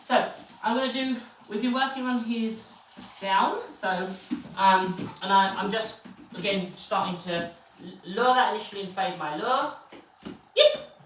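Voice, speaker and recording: A woman dog trainer, explaining steps calmly and then praising the dog in a high, excited voice. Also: normal speed, a little hiss or hum. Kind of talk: live training session commentary. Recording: very echoey, distant from the mic.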